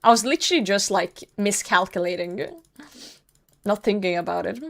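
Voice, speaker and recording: A woman's voice: medium pitch, moderate pace, vocal fry, a bit bright. Blunt, laughing young woman streamer. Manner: blunt, self-mocking, laughs often, swears. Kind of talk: casual live game commentary.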